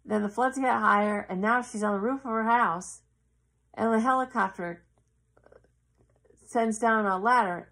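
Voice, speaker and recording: A woman in casual, earnest storytelling, halting and acting out the voices of the people in her story. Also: fairly high pitch, a bit bright. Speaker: yoga teacher.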